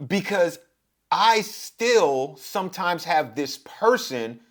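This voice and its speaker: A middle-aged man from Brooklyn with a New York accent, talking in a reflective, passionate monologue and getting louder as he drives his point home. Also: sing-song, slow pace. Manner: passionate, rises in pitch and loudness when making a point. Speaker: podcast host.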